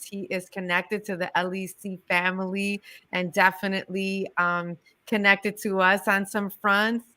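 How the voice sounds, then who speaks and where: A woman's voice: mid-range voice, pushed and bright, clean tone. A woman from the Chicago area hosting a casual interview, affirming her guest and reading out chat messages. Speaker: host.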